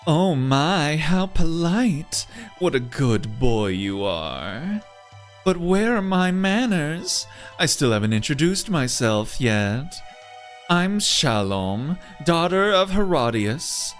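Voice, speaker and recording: Guy doing a sultry sweet game lady, slow and coaxing, pitch all over the place. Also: very animated, soft background music. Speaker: streamer reading game dialogue aloud. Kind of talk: voiced game playthrough.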